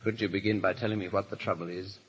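A man's voice: on the low side, steady tone, fast talker, a little hiss or hum, lightly acted. An actor playing a languid, foppish English nobleman in a 1930s radio drama, drawling and lazily mocking. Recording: dull lo-fi 1930s radio recording.

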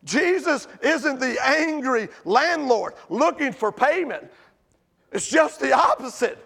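Middle-aged man, pastor in the pulpit; high, gravelly voice, impassioned with hushed asides. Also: lively intonation, slow. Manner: impassioned preaching, dropping to hushed pleading. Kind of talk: sermon. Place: church sanctuary.

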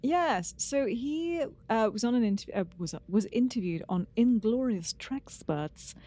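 A woman's voice: on the high side, animated, measured pace, warm tone. A woman co-hosting a podcast, chatting casually and sharing news with many halts and restarts. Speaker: podcast co-host. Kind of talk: casual chat.

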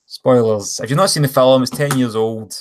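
A man's voice: mid-range voice, moderate pace, slight background noise. A man co-hosting a podcast, rambling enthusiastically about films and correcting himself as he goes. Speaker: podcast co-host. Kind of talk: casual film chat.

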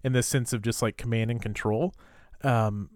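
Male podcast co-host, casual and chatty, mid pitch, dry close mic. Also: fairly even intonation, normal speed, darkish tone, no room sound. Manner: chatty, lots of fillers and restarts. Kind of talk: casual chat.

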